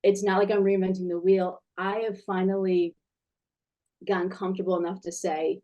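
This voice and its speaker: A woman's voice: medium pitch, level tone, moderate pace, dark tone, muffled recording. Enthusiastic woman teacher in her forties. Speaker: guest, children's language teacher. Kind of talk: casual video interview.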